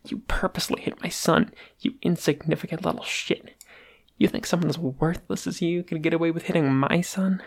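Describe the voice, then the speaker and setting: A reader voicing a furious, rude middle-aged mother who yells insults at a boy in a store. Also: fairly quick, vocal fry. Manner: shrill yelling, insulting.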